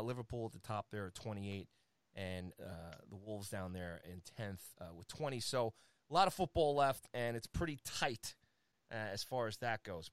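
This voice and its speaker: Energetic man running a sports rundown. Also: mid-range voice, clear, resonant tone, no echo. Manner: energetic and playful, lots of fillers, teasing his co-host. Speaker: sports segment host. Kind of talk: casual sports rundown on a talk show.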